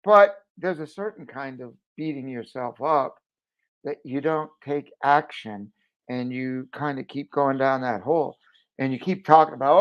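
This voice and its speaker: A middle-aged man delivers an exhorting pep talk straight to camera, pressing hard on his points. His voice swings from loud, urgent pushes down to hushed asides. The audio sounds dull and lo-fi. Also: medium pitch, a little slow. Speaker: jewelry business owner.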